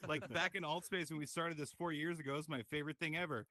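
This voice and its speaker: Comedian dude, swearing nonstop, hyped crowd work, high sharp voice, dry close sound. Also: male voice, quick pace. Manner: profane, energetic crowd work. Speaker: stand-up comedian. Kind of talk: stand-up comedy. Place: virtual reality comedy club.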